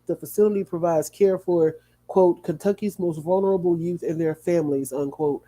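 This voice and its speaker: A sleepy, yawning man reads a news article aloud to his livestream audience. His voice sits a little high but sounds mellow and soft-edged. He stumbles now and then and breaks off for quick asides. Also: fairly even intonation. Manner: reads haltingly with small slips and asides. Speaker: livestream host.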